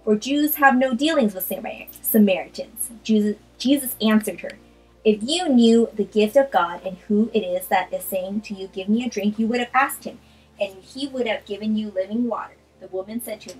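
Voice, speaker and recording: A woman's voice: medium pitch, moderate pace, a little mellow, breathy edge, soft background music, rough recording. A woman vlogger chatting casually with lots of ums, then reading a Bible chapter aloud. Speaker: art vlogger. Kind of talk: casual chat and scripture reading.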